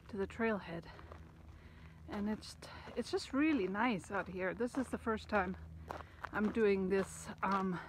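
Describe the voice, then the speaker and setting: Slow-talking breathless woman hiking outdoors. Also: mid-range voice. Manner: chatty, enthusiastic, drops to near-whispers at times. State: out of breath from climbing. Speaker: hiking vlogger. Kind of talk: casual hiking vlog narration. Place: outdoors on a desert hiking trail. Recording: windy outdoor handheld recording. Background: wind noise.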